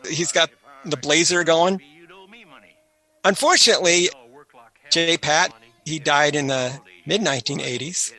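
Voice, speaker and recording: A chatty man talks through an old movie on a commentary track, swapping trivia and anecdotes in a casual, easygoing way. His voice sits a little high and sounds bright and forward. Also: unhurried, long pauses, soft background music. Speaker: film commentary host.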